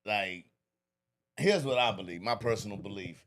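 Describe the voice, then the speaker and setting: A man's voice: fairly low pitch, moderate pace. A man, co-hosting a casual podcast chat and stating his opinions with conviction. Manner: opinionated, expressive. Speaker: podcast co-host.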